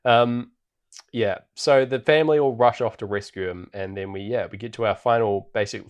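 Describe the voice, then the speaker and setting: A man co-hosting a podcast, recapping a film in a relaxed, rambling way with plenty of fillers. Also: medium pitch, moderate pace. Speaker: podcast co-host. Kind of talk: casual film recap chat. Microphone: podcast microphone.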